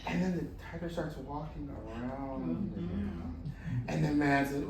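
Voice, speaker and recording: A man telling a folk tale to an audience in a lively, expressive way, with slow, dramatic pauses. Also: fairly high pitch, a little hiss or hum. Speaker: volunteer storyteller. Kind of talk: animated storytelling to an audience. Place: luncheon hall. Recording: roomy distant room mic, faint ambience.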